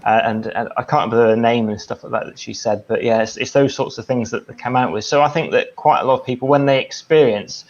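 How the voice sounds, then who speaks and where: A man's voice: mid-range voice, quick pace, hardly any pauses, muffled recording. A man from England hosting a paranormal radio show, chatting casually with a guest and often repeating words as he talks. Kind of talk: casual interview chat.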